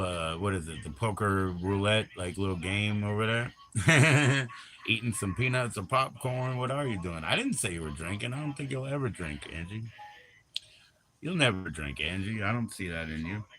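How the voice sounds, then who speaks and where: Middle-aged guy rambling on his livestream, lowish bright voice, slangy, faint room hum behind. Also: expressive, moderate pace. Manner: rambling, slangy, jumps between topics and greets chatters. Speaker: livestream host. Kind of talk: casual livestream chat.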